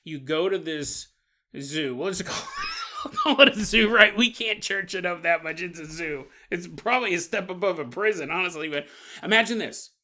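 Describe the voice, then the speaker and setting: A man's voice: high voice, wildly swooping pitch, moderate pace, sharp tone, shouting. A man hosting a paranormal podcast, riffing comically and laughing often as he acts out little scenes. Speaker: podcast host. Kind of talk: comedic riffing monologue.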